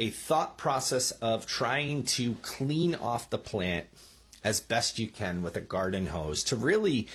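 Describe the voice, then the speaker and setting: A man's voice: mid-range voice, slightly rough. A man giving casual gardening advice into a microphone, chatty and often checking in with the listener with "okay?" and "right?". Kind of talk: casual instructional talk. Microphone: speaking into a microphone.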